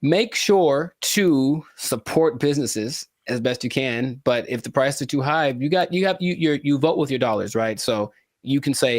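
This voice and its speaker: A man's voice: mid-range voice, lively intonation, moderate pace, no echo, clean studio sound. A man from California co-hosting a casual podcast, playful and theatrical, repeating words and adding mock-dramatic asides. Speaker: podcast co-host.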